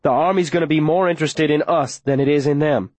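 A man voicing a hot-headed teenage boy who shouts in rough rural grammar. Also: a little high, quick pace, no echo, pitched above the performer's own voice, lightly acted. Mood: urgent.

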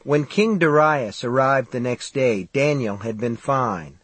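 Guy reading an audiobook, husky voice, dry close sound, steady pace. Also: mid-range voice, dry recording. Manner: steady, measured storytelling. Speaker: audiobook narrator. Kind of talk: scripted audiobook narration.

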